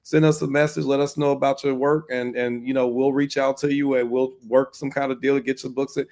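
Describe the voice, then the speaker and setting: A man's voice: medium pitch, little pitch movement, fairly quick, a little mellow. Earnest man who owns a comic shop. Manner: earnest, repeats words while building a point. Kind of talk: casual panel chat.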